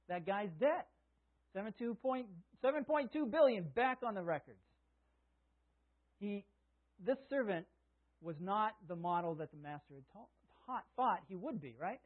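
A man with a high-pitched, husky voice delivers a sermon, reading scripture and then explaining it in easy, conversational asides. The sound is thin and tinny, like a phone call. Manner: conversational preaching, reads scripture aloud, chuckles at own asides. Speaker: preacher.

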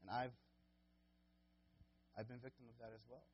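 A man's voice: medium pitch, flat delivery, normal speed, highs cut off, a little hiss or hum. Earnest male pastor preaching a sermon. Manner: earnest, rising to impassioned pleading when quoting.

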